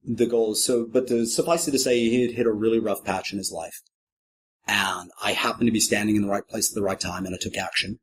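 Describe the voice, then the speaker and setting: A middle-aged professional clown, guesting on a podcast, tells a story briskly with wry, self-deprecating humor. He livens it up by jumping into quoted voices with big pitch leaps, and the recording carries a slight hiss or hum.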